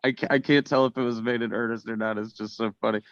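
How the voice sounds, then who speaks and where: A man on a casual podcast panel, reading jokes and tweets aloud in a deadpan way and often breaking into laughter. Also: mid-range voice, fast, dry recording, lo-fi sound.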